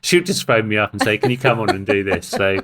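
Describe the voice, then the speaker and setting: A middle-aged man with an English accent, speaking in a fairly low voice. He tells his story at an easy, chatty pace and pokes a little fun at himself. He joins the podcast over a remote call. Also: animated, quick pace, noisy background. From England. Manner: chatty, self-deprecating storyteller. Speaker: podcast guest. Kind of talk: casual chat.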